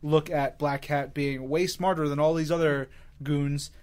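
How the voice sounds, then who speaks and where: A man from New York co-hosting a comics podcast, talking in a rambling, hesitant, excitable way. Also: on the high side, unhurried, clean tone. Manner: rambling, hesitant, many fillers and restarts. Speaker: podcast co-host. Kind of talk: casual chat about comics.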